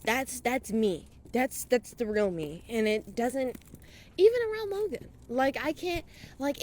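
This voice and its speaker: A young vlogger and podcaster talks casually while walking outside at night, rambling through a personal monologue with plenty of swearing, somewhat out of breath. Her voice is fairly high-pitched and a little mellow.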